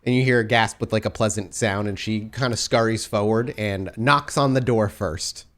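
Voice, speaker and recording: A man's voice: fairly low pitch, moderate pace, a bit bright. A man working as game master, narrating scenes to the players in the second person.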